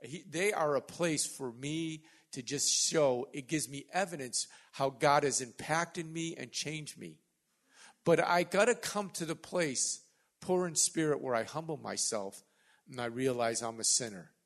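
Older preacher with a lively, swinging delivery. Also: male voice, on the high side, unhurried. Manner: preaching with swings between loud emphatic passages and quiet asides; joking, conversational asides to the congregation. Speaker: pastor. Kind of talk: sermon.

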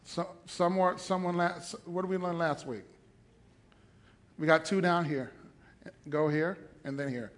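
High-voiced man preaching with rising shouts. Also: steady tone, measured pace, long pauses. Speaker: pastor. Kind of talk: sermon. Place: church.

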